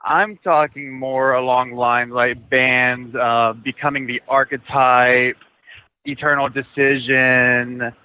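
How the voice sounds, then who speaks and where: A man calling in to a talk show, enthusiastic and rambling, speaking quickly. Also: mid-range voice, level tone, a little hiss or hum. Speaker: caller. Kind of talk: phone call to a talk show. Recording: tinny phone line.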